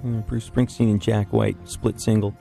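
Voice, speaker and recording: Guy hosting a radio show, rambly and jokey, laughs a lot, soft music in the back. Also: on the low side, little pitch movement, moderate pace, gravelly. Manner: rambling, joking, laughs often. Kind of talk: casual banter on a radio show.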